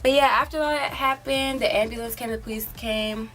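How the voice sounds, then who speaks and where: A woman's voice: on the high side, moderate pace, fairly bright tone, soft background music. An eighteen-year-old woman telling a story in a casual, rambling way, filling it with "like" and "um". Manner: rambling, filler-heavy, often says "like". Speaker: vlogger.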